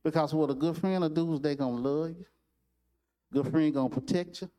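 A man preaching a sermon, telling a story in a lively, repetitive way and acting out its characters. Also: on the high side, fairly quick. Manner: repetitive, animated storytelling with restarts.

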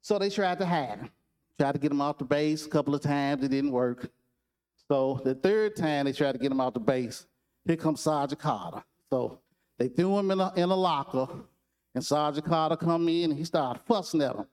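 A man preaching a sermon, telling a story in a lively, repetitive way and acting out its characters. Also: on the high side, moderate pace. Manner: repetitive, animated storytelling with restarts.

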